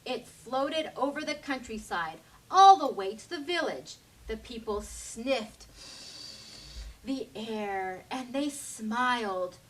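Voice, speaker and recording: Animated woman reading a children's story. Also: mid-range voice, far from the mic, slight background noise. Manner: slow animated read-aloud. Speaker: library storyteller.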